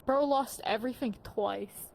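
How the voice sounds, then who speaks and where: A woman's voice: fairly high pitch, a little slow, gravelly, darkish tone, slight background noise, low-quality recording. A woman in casual chat, speaking in a laid-back, blunt way.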